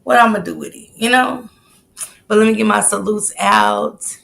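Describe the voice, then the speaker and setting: A woman's voice: medium pitch, normal speed, creaky, a bit bright. A woman in her late forties hosting a live stream, chatting casually and greeting viewers by name. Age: 40s. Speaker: livestream host.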